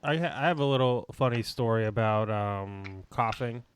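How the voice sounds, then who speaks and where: Low, smooth-voiced man telling a story. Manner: measured, hesitant storytelling with fillers. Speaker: podcast co-host. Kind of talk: casual chat.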